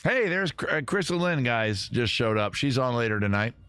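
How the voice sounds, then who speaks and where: A man's voice: medium pitch, very animated, normal speed, fairly bright tone, clean tone. A man from Maryland hosting a casual livestream, rambling and joking as he reads viewer comments aloud. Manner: rambling, jokey, talks to chat and guests. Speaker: livestream host.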